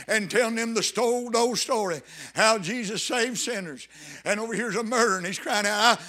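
A man's voice: high-pitched, a little fast, pushed and bright. A man preaching a sermon, fervent and emphatic, repeating phrases for weight. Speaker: pastor.

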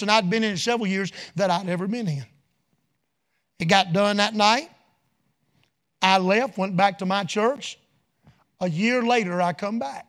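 High-voiced folksy preacher. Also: male voice, normal speed, pauses often. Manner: folksy, swings between soft asides and loud shouted peaks. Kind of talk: revival sermon with storytelling.

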